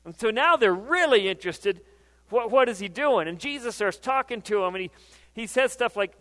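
Male preacher, high voice, casual but emphatic sermon, long hall reverb. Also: brisk, a bit bright. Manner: conversational, emphatic, reads scripture aloud, repeats phrases.

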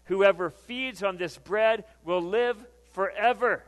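Male preacher, high voice, casual but emphatic sermon, long hall reverb. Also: slow pace. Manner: conversational, emphatic, reads scripture aloud, repeats phrases.

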